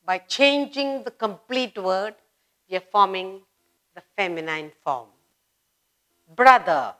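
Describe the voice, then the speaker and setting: A woman with an Indian English accent teaching a beginner grammar lesson, slowly repeating word pairs with emphasis. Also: mid-range voice, animated, sharp tone. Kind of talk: slow classroom grammar lesson.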